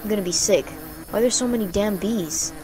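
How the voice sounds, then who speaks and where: A woman's voice: mid-range voice, fairly quick, a little mellow, a little hiss or hum. Jumpy swearing young woman gamer. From United States. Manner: jumpy, swearing, joking to herself. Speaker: gaming streamer. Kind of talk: horror game let's play commentary.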